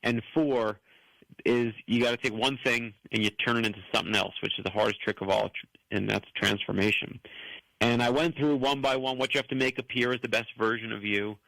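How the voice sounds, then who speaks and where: A man's voice: medium pitch, a little fast, creaky, no echo, rough recording. A man in his fifties, from the United States, telling stories as an author guest and acting out the voices he quotes. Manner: animated storyteller who acts out quoted voices. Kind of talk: storytelling interview answers.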